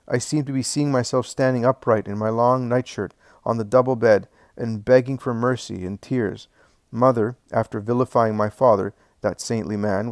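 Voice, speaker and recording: A man narrating a first-person memoir in a slow, measured, emotional way, building to swelling emphasis on key phrases. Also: medium pitch, no echo, clean studio sound. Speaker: audiobook narrator.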